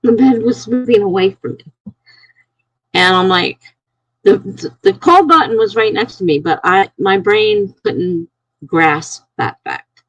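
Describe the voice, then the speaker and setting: A middle-aged woman casually telling a personal story on a live stream, rambling and halting with many restarts. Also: medium pitch, animated, no echo, poor audio.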